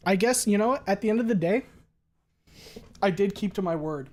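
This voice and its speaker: At the close of his stream, this male streamer jokes around, swears freely and reads chat messages from viewers aloud in a casual way. His voice is fairly high with a darkish tone, animated and delivered at a normal speed.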